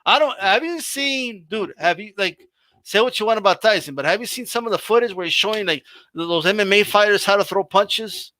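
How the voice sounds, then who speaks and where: A man hosting a casual boxing chat stream, animated and slangy, swearing and laughing as he talks. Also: sits high, brisk, no echo. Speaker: host.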